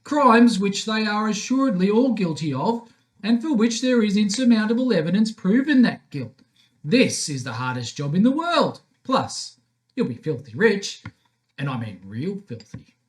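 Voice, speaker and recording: A player voicing a pushy, smooth-talking pirate council agent, recorded a little away from the mic. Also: medium pitch, very animated, moderate pace, natural voice. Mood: persuasive.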